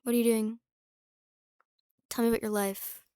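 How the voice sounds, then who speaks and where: A woman's voice: a little high, flat delivery, moderate pace, dark tone, clear, resonant tone, dry recording, studio quality. A young woman vlogging in casual chat, rambling and candid, with lots of fillers and restarts, swearing freely and sometimes dropping to a whisper for asides.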